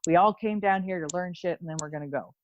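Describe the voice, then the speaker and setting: A woman's voice: fairly low pitch, fast talker, highs cut off, a crowd in the background. A woman from Ontario, Canada, a guest on a casual podcast, talking bluntly with plenty of swearing and frequent laughter. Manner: blunt, profane, laughs often. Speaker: guest, intuitive medium and Reiki teacher.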